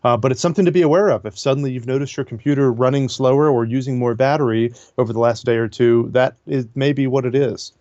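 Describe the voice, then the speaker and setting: A man's voice: medium pitch, steady tone, quick pace, hardly any pauses, mellow, dry recording. Dry-humored male tech guest, muffled line. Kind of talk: casual interview.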